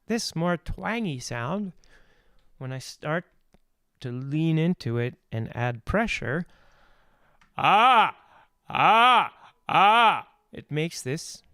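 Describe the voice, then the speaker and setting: A man explains voice technique in a live online talk, thinking aloud and restarting his sentences. His delivery is unhurried, and his tone is clean and smooth. The sound is close and dry, with no room around it. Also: fairly high pitch, dry recording. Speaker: voice teacher.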